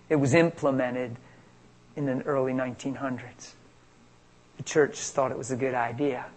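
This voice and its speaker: A man preaching a sermon on healing, telling stories with animated energy and acting out the quotes. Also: mid-range voice, poor audio.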